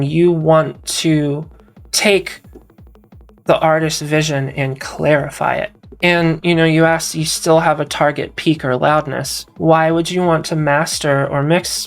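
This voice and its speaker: A woman's voice: sits low, vocal fry. A woman musician and mastering engineer answering viewer questions in a casual solo Q&A, talking frankly with rambling restarts and swearing.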